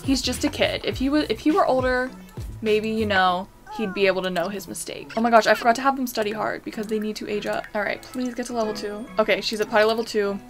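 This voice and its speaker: A young woman giving casual commentary on a life-sim game, excitable and anxious, talking to the characters on screen. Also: on the high side. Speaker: gaming YouTuber.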